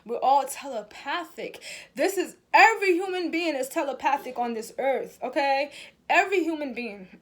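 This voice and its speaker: A woman's voice: high voice, lively intonation, normal speed. A young adult woman giving a casual spiritual talk to her viewers, chatty and emphatic, swearing freely and calling her audience y'all. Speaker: spiritual reader and vlogger.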